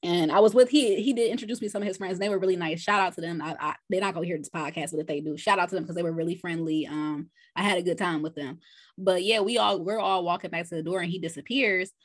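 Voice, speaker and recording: On a podcast, a female guest shares a personal story in a casual, animated, profanity-laced way, often restarting her sentences. Her voice is on the low side and she talks fast.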